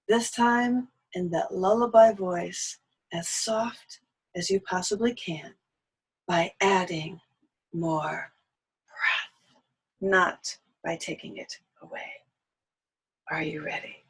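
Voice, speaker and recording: Slow, gentle woman voice teacher. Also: mid-range voice, husky, poor audio. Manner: slow, gentle instruction with sung lullaby phrases. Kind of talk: singing lesson.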